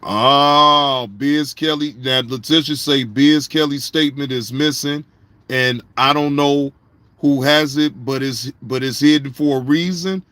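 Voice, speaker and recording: A man's voice: mid-range voice, steady tone, a little slow, a bit bright, no echo. A man hosting a casual live-stream reaction show, speaking, profane and repetitive, addressing viewers in the chat by name.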